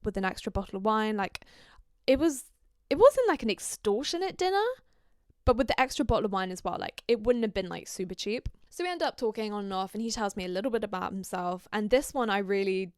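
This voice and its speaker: A young woman from Scandinavia hosting a podcast, telling a story in an animated, gossipy way and swearing freely. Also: medium pitch, brisk, clean tone, dry recording. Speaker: podcast host. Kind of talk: casual storytelling chat.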